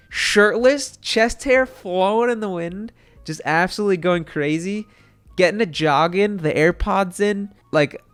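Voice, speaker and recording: Young man, casual streamer chat, lots of fillers and swearing, clear voice, soft music underneath. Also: sits high. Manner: rambling, swears freely, many fillers.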